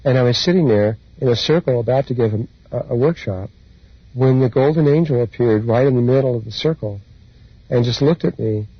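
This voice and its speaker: A man speaking as a spiritual teacher, telling his personal experiences in an unhurried, meandering way with soft laughs. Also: medium pitch, husky, no echo. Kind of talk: reflective personal storytelling talk. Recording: dull lo-fi recording.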